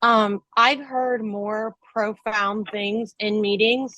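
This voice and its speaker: A woman's voice: medium pitch, fairly even intonation, slow, pushed and bright, no room sound, lo-fi sound. A woman hosting a podcast in a casual, candid chat, talking in an earnest and reflective way with frequent "um" and "like". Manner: earnest and reflective, with 'um' and 'like'. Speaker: podcast host.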